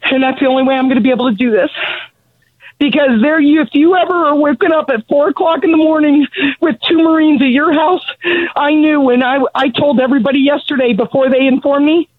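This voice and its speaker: A middle-aged woman, out of breath from pacing, speaks angrily and bluntly with halting restarts about losing her son. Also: high-pitched, no room sound. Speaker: grieving mother of a fallen Marine, calling in. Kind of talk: emotional phone testimony. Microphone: telephone. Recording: tinny, dry phone line.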